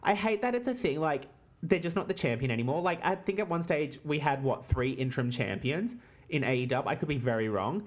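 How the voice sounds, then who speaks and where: A woman's voice: low-pitched, lively intonation, brisk. A woman hosting a casual wrestling podcast, teasing and swearing freely, often laughing. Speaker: podcast host.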